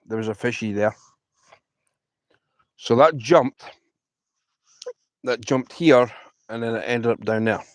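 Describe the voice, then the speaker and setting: A man's voice: mid-range voice, slow pace, long pauses, no room sound. A man from Scotland chatting casually to live-stream viewers while fishing outdoors by the water, rambling and friendly. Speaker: fishing livestreamer.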